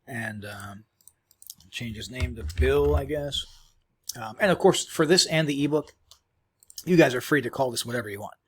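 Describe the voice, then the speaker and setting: Guy doing a screen tutorial, kinda husky voice, lots of ums and uhs, chewing as he talks, desk mic. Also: mid-range voice. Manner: casual, rambling, lots of ums and restarts. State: chewing while talking. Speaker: tutorial presenter. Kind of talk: screen-recorded software tutorial.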